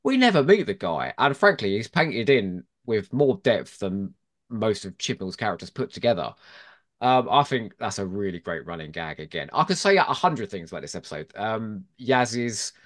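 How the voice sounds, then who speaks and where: A man's voice: on the low side, big pitch swings, moderate pace, a bit bright. A man in a casual podcast chat, arguing his picks with opinionated enthusiasm. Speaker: podcast guest.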